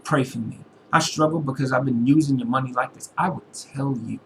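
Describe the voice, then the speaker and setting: A man's voice: mid-range voice, steady tone, brisk, noisy background. Preachy man vlogging to his followers. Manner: preachy, quotes scripture, repeats lines for emphasis; informal slangy speech. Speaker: religious vlogger. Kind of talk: impassioned personal monologue to followers.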